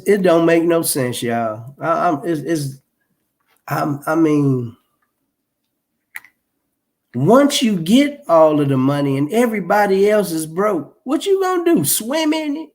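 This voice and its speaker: Slow-talking man, emphatic, rambling. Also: on the high side, expressive, a little mellow. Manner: rambling and emphatic, with frequent restarts and fillers; rhetorical questions, wry laughs. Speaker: live show commentator. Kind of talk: casual spoken commentary.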